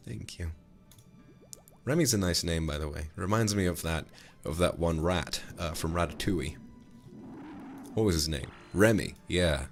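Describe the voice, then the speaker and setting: Playful man, low voice. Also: moderate pace, pauses often, faint music behind. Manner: playful, flirty, teasing. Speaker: streamer. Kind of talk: casual livestream chat, thanking donors.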